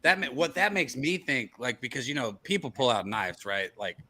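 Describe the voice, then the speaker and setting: A man's voice: medium pitch, expressive, moderate pace, sharp tone. A man co-hosting a casual sports podcast, joking and rambling, often stumbling over his words. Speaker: podcast co-host.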